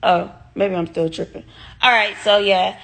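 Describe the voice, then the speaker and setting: A young woman speaking tells her viewers a personal story. She is animated and swears freely, talking straight to her audience in a casual storytime vlog. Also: mid-range voice, a little slow, creaky. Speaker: vlogger.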